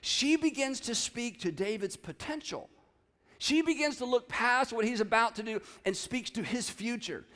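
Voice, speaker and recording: A middle-aged male pastor delivers a sermon with a light, high-set voice. He tells the story with animated energy and drops into acted-out quotes. The sound rings with the long tail of a big hall. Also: normal speed. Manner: animated storytelling, acts out quotes with rising pitch. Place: church sanctuary.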